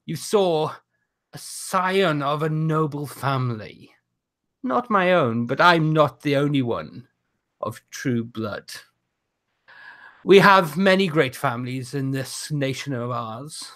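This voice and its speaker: A man puts on a snobbish blue-blooded wrestling villain who lectures the crowd slowly and grandly. He sounds pompous and contemptuous, leaning hard on each word. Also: on the high side. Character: haughty aristocratic heel wrestler, male, adult.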